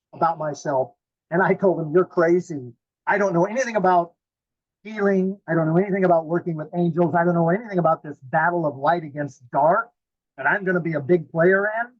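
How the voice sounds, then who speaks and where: A man's voice: a little high, lo-fi sound. A man telling his story bluntly and animatedly in an interview, acting out the quotes. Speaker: guest, mystic.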